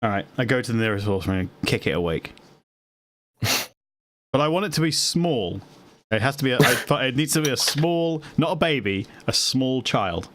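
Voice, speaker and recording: A man's voice: mid-range voice, lively intonation, normal speed, fairly bright tone, a little hiss or hum. A man playing a tabletop game, scheming and laughing often, in a casual chat. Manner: scheming, laughs often, restarts mid-sentence. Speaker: player.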